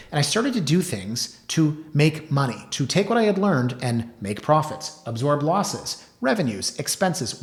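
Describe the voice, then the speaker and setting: A man in his forties hosting a talk show, telling stories with sarcastic asides and lively emphasis. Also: mid-range voice, roomy sound. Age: 40s. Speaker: host. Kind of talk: casual monologue.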